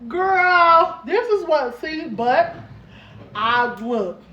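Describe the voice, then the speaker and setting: A woman vlogging at home as a mom, chatting casually to the camera in a playful, animated way and calling her viewers baby and girl. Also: fairly high pitch, unhurried, muffled recording, slight background noise. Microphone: camera set up on a stand. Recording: roomy echo.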